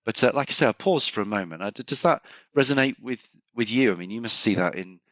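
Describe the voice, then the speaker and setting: A man's voice: fairly low pitch, expressive, fast talker, fairly bright tone, no room sound. A middle-aged man, a consultant guest on a podcast, telling stories and thinking aloud with many restarts. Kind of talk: conversational podcast interview. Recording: slightly muffled, dry sound.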